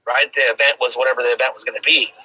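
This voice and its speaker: A man chatting on a gaming roundtable, rattling along quickly with plenty of fillers. His voice is husky and very bright, and it comes over dry, dull lo-fi call audio. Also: medium pitch, fairly even intonation. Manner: rapid, rambling, many fillers. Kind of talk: casual gaming roundtable chat.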